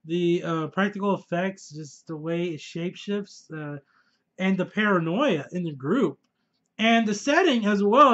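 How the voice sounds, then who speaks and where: A man's voice: high voice, fairly bright tone. A young adult man chatting casually and enthusiastically at home as a vlogger, swearing and laughing often, on a dull lo-fi recording. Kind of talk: casual collection showcase chat.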